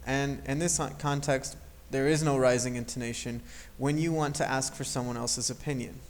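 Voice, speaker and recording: A man's voice: medium pitch, fairly even intonation, moderate pace. A man teaching an English grammar lesson, explaining patiently and modeling intonation aloud.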